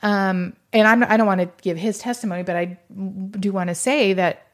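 A woman's voice: medium pitch, normal speed. A middle-aged woman telling her conversion story in a conversational way, emotional and rambling, with many restarts and "you know"s. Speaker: guest sharing her faith story. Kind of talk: conversational testimony.

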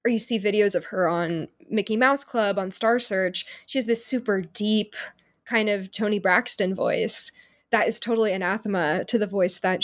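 A woman author answering interview questions in an articulate way, with frequent fillers and asides. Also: medium pitch.

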